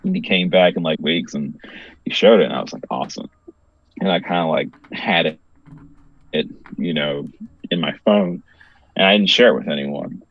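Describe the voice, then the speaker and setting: A man's voice: low-pitched, moderate pace, pauses often, no room sound, lo-fi sound. A man, a comic book creator being interviewed, telling a story in a rambling casual way with lots of filler words. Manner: rambling, heavy use of "like" fillers, laughs often.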